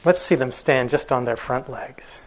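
A man's voice: medium pitch, normal speed, natural voice, low-quality recording. A man voicing a jealous, demanding king in a told story, calling out commands.

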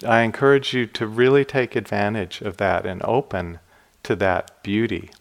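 A man with a fairly low voice gives a dharma talk in an unhurried, storytelling way. His tone stays gentle and reflective. The ends of his phrases sink quietly. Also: steady tone, creaky. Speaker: meditation teacher. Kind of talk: dharma talk with personal stories.

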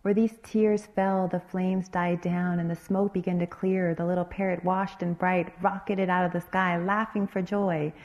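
A woman meditation teacher telling a dharma story in an expressive, rhythmic way. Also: fairly low pitch, moderate pace, hardly any pauses, dull audio.

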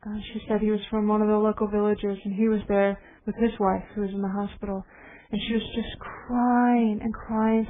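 A woman meditation teacher gives a dharma talk in a gentle, reflective storytelling manner. Her mid-pitched voice comes through a narrow, phone-like band, with faint hiss behind it. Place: meditation hall.

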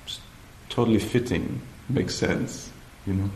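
A man giving a dharma talk at a meditation retreat, slow and hesitant, often pausing to search for the right words. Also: lowish voice, steady tone, darkish tone, a little hiss or hum. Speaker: meditation teacher. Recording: echoey room, faint ambience.

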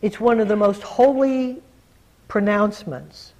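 A man who is a meditation teacher, giving a reflective, earnest dharma talk to a group and slowing down to stress key words. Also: high voice, a little mellow, poor audio.

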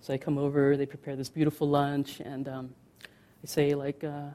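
Speaking low with a soft, warm, level tone, a middle-aged meditation teacher from the United States gives a frank, chatty dharma talk laced with fillers. She draws out the words she most wants to land.

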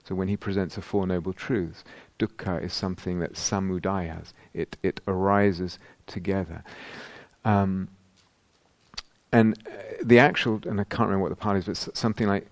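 Low gravelly-voiced male meditation teacher. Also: steady tone, normal speed, dry recording. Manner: thoughtful, searching for words, many restarts. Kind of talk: answering questions at a retreat. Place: meditation hall.

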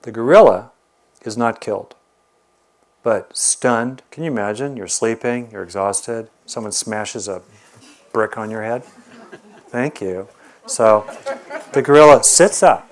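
A man teaching a meditation class, telling stories in a lively, animated way. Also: lowish voice, unhurried, long pauses. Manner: animated storyteller. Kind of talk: dharma talk with storytelling.

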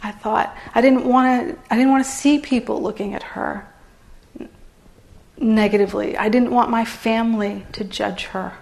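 A woman's voice: on the high side, steady tone, normal speed, vocal fry, darkish tone. A woman meditation teacher giving a candid, conversational dharma talk to a retreat audience in a meditation hall, often saying "you know.".

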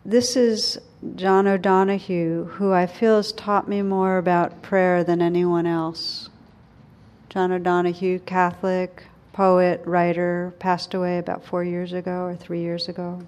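A middle-aged woman, a meditation teacher, giving a gentle, unhurried dharma talk and softening her voice on tender words. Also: fairly low pitch, little pitch movement, lo-fi sound.

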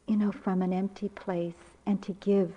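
An older woman giving a dharma talk as a meditation teacher, with reflective, unhurried storytelling. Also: medium pitch, flat delivery, mellow, breathy edge. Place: retreat center meditation hall. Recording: muffled lecture recording.

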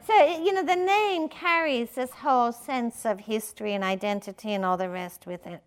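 A woman's voice: on the high side, moderate pace, hardly any pauses. Playful, conversational woman meditation teacher. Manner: conversational, many fillers, playful with laughs. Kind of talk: dharma talk.

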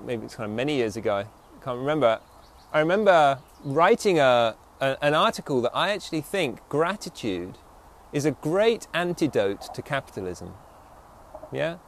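A man giving a reflective dharma talk as a meditation teacher, slowing to stress key phrases and often checking in with the listeners. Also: on the high side.

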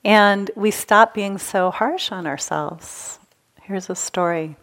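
A woman giving a gentle, engaging dharma talk to a live retreat audience as a meditation teacher. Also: medium pitch, slow pace. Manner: gentle, engaging, asks the audience to raise hands.

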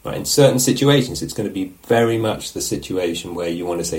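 A man teaching meditation, giving a relaxed, musing dharma talk at a retreat and often checking in with his listeners. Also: low-pitched, fast talker, low-quality recording. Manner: reflective, musing, asks questions of the listeners. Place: meditation hall.

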